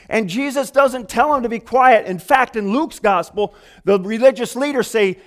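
A man preaching a sermon in an animated, conversational way, acting out quoted voices and pausing to restart his thoughts. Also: extremely high pitch.

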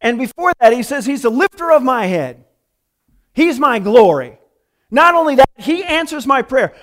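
High-voiced, folksy preacher man. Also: normal speed. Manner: casual, folksy, animated, with lots of "man" and "you know". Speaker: pastor. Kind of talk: conversational sermon.

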